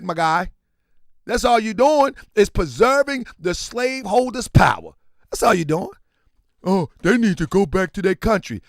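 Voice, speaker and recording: A man holds forth on his commentary show, driving his points home with repeated rhetorical questions. His voice sits high and swings widely in pitch, and the recording is dry with no room echo. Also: gravelly. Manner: preachy, emphatic, repetitive, drawls rhetorical questions. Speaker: host of a commentary channel. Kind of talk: impassioned commentary monologue.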